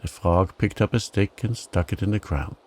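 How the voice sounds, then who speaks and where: A man reading a bedtime story for adults in a calm, gentle, soothing manner. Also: low-pitched, moderate pace. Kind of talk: scripted bedtime narration.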